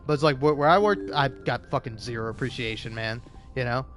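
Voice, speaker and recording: A man hosting a gaming video, ranting casually with constant swearing and lots of filler words, building into loud outbursts. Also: medium pitch, fairly quick, over music. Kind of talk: casual profane rant.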